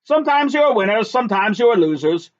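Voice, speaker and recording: A man barking as a pompous booming general. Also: sing-song, fast. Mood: blustering. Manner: booming barked commands. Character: blustering pompous male army general. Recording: dull lo-fi recording.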